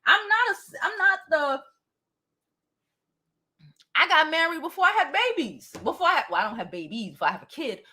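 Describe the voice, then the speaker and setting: A woman's voice: sits high, very animated, moderate pace, pauses often, sharp tone. A woman in her forties hosting a beauty livestream, reading out comments and replying bluntly and directly, swearing freely. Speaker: beauty channel host.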